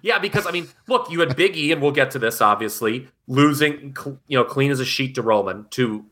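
Animated, bright-voiced male podcast co-host. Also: mid-range voice, brisk. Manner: animated, blunt, swears freely. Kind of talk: casual wrestling review chat.

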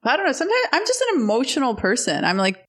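A woman's voice: sits high, very animated, rapid-fire, a bit bright, slightly rough. A woman from Alabama talking as a guest in a casual chat, candid and rambling with lots of restarts. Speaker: guest comedian.

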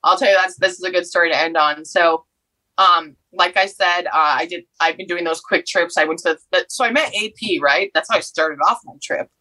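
A woman in her thirties telling a story in casual chat as a podcast guest, outspoken and animated, laughing and jumping high when she quotes people. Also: brisk, low-quality recording. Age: 30s. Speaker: podcast guest, football fan.

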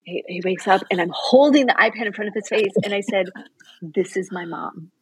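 A woman's voice: mid-range voice, fast talker, husky, dry recording, low-quality recording. A middle-aged woman, a TV news anchor, earnestly telling a heartfelt personal story in an interview.

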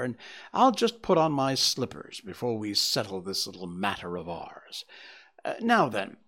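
A man voicing a confident, sharp-witted gentleman detective in a storybook reading. He speaks briskly and with authority, with a lively, rising and falling delivery and a touch of mockery. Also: medium pitch, heavily acted. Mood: cheery. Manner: brisk, cheerfully commanding, lightly mocking. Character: sharp, self-assured gentleman detective, middle-aged man. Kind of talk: audiobook character reading.

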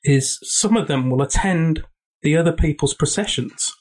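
A man's voice: fairly high pitch, moderate pace, darkish tone, rough recording. A man co-hosting a podcast, telling stories in an eager, rambling way. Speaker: podcast co-host. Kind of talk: casual chat.

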